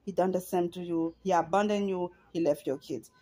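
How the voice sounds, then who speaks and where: A woman's voice: on the low side, steady tone, fairly quick, mellow. A middle-aged woman talking straight to camera in an emotional, earnest personal monologue, repeating herself for emphasis. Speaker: vlogger.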